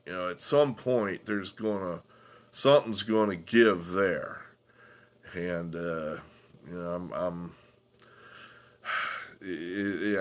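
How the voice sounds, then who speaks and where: A man hosting a solo political commentary, talking from home in a halting way with sighs and restarts. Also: deep voice, fairly bright tone.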